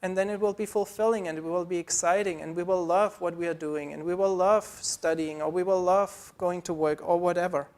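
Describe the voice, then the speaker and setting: A man's voice: high-pitched, fairly even intonation, a little fast, few pauses, a little mellow. A man preaching a sermon as pastor, earnest and pleading, building through repeated phrases.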